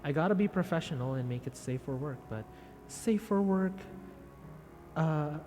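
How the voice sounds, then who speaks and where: A man's voice: on the high side, fairly quick, a little mellow. A man chatting casually with viewers on a live stream, rambling and self-deprecating. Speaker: VTuber streamer.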